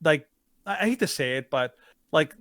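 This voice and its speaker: This podcast co-host chats casually and with strong opinions, speaking emphatically and often searching for his words. His voice is on the high side and a bit bright, with lively intonation and a moderate pace. The recording is dry, with clean studio sound.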